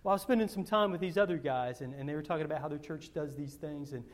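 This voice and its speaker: His pitch fairly high and his pace fast, a male pastor tells rambling personal stories in his sermon, repeating words as his volume rises and drops to a hush.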